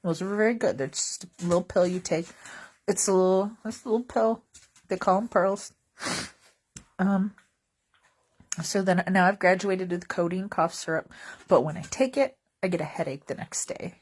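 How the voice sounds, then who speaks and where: A woman's voice: fairly low pitch, normal speed, pauses often. A woman vlogger telling funny stories in a casual, wry, rambling way, joking about everyday mishaps. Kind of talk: casual comedic storytelling.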